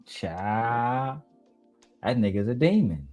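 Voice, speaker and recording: A man's voice: on the low side, normal speed, dry recording, soft background music. Profane man doing reaction commentary. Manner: profane, mocking, laughs often. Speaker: commentary host.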